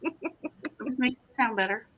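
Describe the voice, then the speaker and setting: A woman's voice: sits high, expressive, unhurried, fairly bright tone, slightly rough, rough recording. A woman hosting a casual livestream, chatting and reading out viewer comments. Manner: chatty, reads comments aloud and riffs on them. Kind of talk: casual chat.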